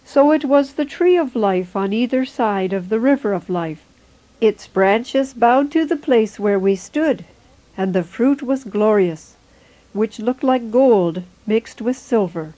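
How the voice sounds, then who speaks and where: A woman reading a religious vision text aloud in a slow, solemn, even way. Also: on the high side, low-quality recording. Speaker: reader.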